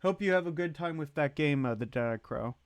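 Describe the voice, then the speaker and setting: A man's voice: a little high, animated, brisk, clear, resonant tone, dry recording. A man hosting a livestream, chatting casually in a rambling way and greeting and thanking viewers in the chat. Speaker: livestream host.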